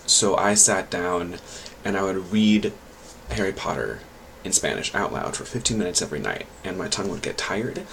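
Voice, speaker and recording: A man's voice: fairly low pitch, a bit bright, slight background noise, low-quality recording. A man chatting casually on his vlog and giving language learning tips, rambling and hesitant with many fillers and restarts.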